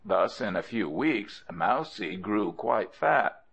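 A man narrating folk tales for an audiobook, expressive and adding playful asides to the listener. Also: lowish voice, slow pace, vocal fry, slightly rough. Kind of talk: storybook narration. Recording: dull lo-fi audio.

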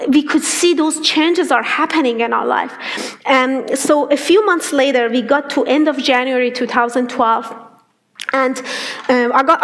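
A woman sharing a personal faith testimony, telling it lively, acting out what people said and laughing often. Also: high-pitched. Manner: animated storyteller who acts out quoted dialogue and laughs often.

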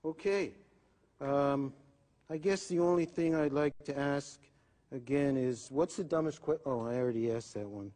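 An actor playing a dim-witted, know-it-all brother in an improvised sketch, with a nasal drawl ending lines with "eh". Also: male voice, mid-range voice, moderate pace, dark tone, natural voice. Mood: goofy. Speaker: sketch comedy co-host. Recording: echoey room with long reverb.

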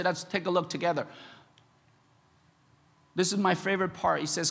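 Gravelly, husky man preaching in a hall. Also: steady tone, normal speed, long pauses. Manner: repeats phrases, grows loud and high when impassioned. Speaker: pastor. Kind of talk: sermon. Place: church sanctuary. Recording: echoey church hall.

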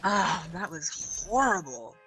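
A woman streams a shooter game and chats casually with her teammates. Her voice sits slightly low, and she swears freely and laughs often. Steady background noise runs under her mic. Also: slow pace, low-quality recording. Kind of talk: casual gaming chat.

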